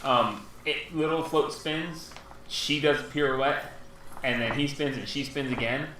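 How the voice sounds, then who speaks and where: A man running a tabletop game as game master, narrating with animated, playful storytelling. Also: mid-range voice, measured pace. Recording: echoey room, far from mic, noisy.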